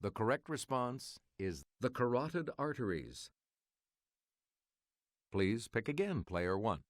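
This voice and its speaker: A man hosting a game show, reading quiz clues in a measured, formal manner. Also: medium pitch, very animated, no echo, studio quality.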